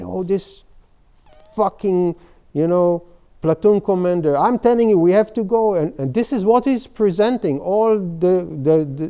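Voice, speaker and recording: A man giving an informal workshop lecture on therapy, in halting, full of "you know" and restarts. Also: a little high, creaky, mellow. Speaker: psychotherapy lecturer. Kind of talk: workshop lecture with case stories.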